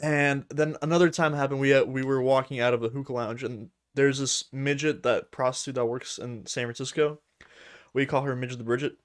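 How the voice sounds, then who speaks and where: A man co-hosting a podcast, telling crude, swearing anecdotes in a lively, animated way. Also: mid-range voice, a little fast, clean tone. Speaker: podcast co-host. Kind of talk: casual chat, storytelling.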